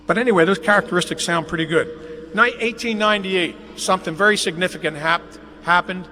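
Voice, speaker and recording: At a dedication ceremony held in a big athletic facility, an older man delivers a folksy, joke-filled speech of anecdotes in a high, sharp voice. He keeps a moderate pace with long pauses, and the live webcast carries faint noise and a long hall reverb.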